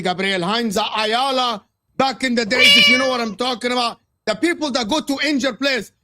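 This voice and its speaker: Guest pundit, male, from Egypt: high, gravelly voice, passionate, repetitive football ranting. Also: fairly bright tone. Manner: passionate ranting, repeats his points. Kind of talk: heated football talk on a live stream.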